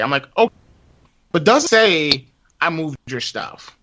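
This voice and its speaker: Animated, cursing man telling a rant. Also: a little high, a little slow. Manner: profane, animated storytelling with acted-out quotes. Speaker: podcast co-host. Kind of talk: casual chat. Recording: dull lo-fi sound.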